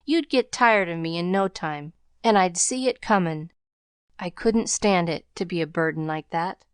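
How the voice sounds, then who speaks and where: A woman's voice: lowish voice, a little slow, smooth, no echo, clean studio sound, lightly acted. A woman voicing a proud, crippled poor boy in a storybook, speaking in a choked, faltering way with slangy speech. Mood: tearful.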